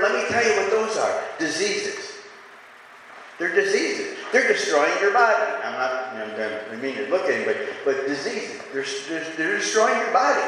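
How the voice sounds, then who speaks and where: A man's voice: high voice, fairly bright tone. A pastor preaching a sermon to his church, leading the congregation in call-and-response and repeating lines for emphasis. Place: church sanctuary. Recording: echoey church hall with faint room noise.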